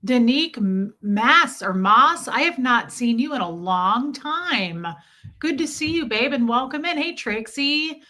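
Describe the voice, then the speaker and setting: A woman's voice: fairly high pitch, animated, a little slow. A young adult woman hosting a casual livestream from home, chatty and friendly as she greets viewers by name. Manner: chatty, warm greetings, frequent laughs. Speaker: livestream host. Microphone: streaming setup mic.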